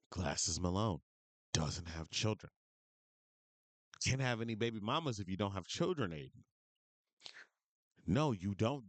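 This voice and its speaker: A man in full angry commentary mode, berating and swearing with open disbelief. His lowish voice swings widely up and down as he rants. The sound is close and dry, with no room around it. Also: no echo. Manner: profane, berating, incredulous ranting. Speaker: commentary streamer.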